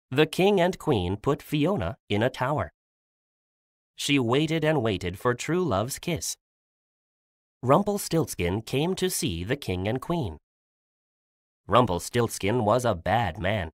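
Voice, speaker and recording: A woman reads a learner's storybook aloud, her low voice swooping widely. She takes it slowly and clearly, lifting her voice for the characters' lines. The sound is dry and close. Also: no echo. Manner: very lively pitch, raises her voice for quoted lines. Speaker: reader of a graded English storybook.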